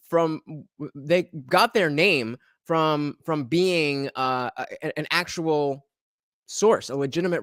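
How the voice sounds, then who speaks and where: A man commenting casually on a live stream, halting and filler-heavy, with sarcastic asides. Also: medium pitch, no echo, studio quality. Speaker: streamer reacting to a video.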